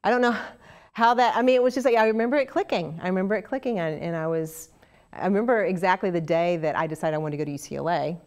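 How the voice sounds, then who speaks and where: A middle-aged woman with a Southern Oklahoma accent tells stories in a relaxed interview. Her voice sits on the lower side, and she talks in an animated, chatty way with frequent restarts and fillers. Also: fast talker, clean tone. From Oklahoma, USA. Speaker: interview guest, actress. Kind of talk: casual interview storytelling.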